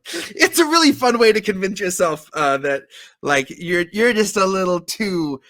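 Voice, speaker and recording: A man with a bright, fairly high voice talks casually on a live stream, joking and laughing between thoughts. He sounds close to the microphone in a dry space. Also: very animated, moderate pace, no room sound. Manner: joking, laughs often, swears. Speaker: co-host and musician.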